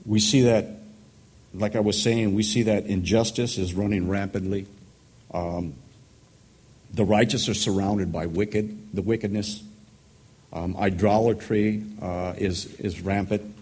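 A man's voice: on the low side, steady tone, measured pace, darkish tone, slightly rough. A man pastor teaching a sermon-style Bible study in an earnest, thoughtful way.

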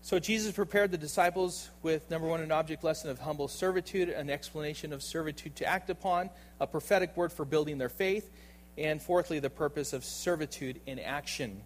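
A pastor delivers an emphatic sermon packed with rhetorical questions, frequently asking his listeners "right?" to check in. He alternates between loud outbursts and quiet, low asides. The recording is brisk and of poor quality.

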